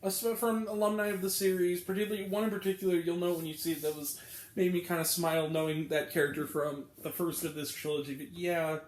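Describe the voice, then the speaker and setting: A man's voice: on the high side, little pitch movement, fast talker, roomy sound. A man giving a casual, exasperated spoken film review, rambling with lots of fillers. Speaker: movie reviewer.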